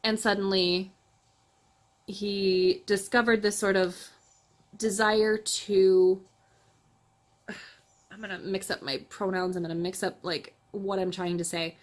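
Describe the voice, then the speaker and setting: A woman's voice: mid-range voice, flat delivery, slow pace, long pauses. A woman hosting her channel, chatting casually about books she read, laughing often and correcting herself as she goes. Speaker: book reviewer, channel host. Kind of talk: casual book review chat.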